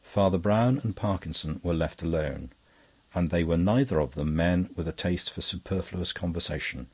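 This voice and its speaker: A male audiobook narrator with a deep voice and a husky edge. He reads in a measured, even way. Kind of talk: scripted narration.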